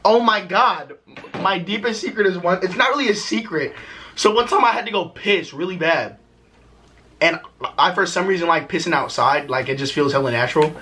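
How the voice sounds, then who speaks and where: A man's voice: high voice, normal speed. A young man hosting a vlog, telling crude stories in casual chat, often breaking into laughter. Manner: laughing, crude banter, animated storytelling. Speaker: vlog host.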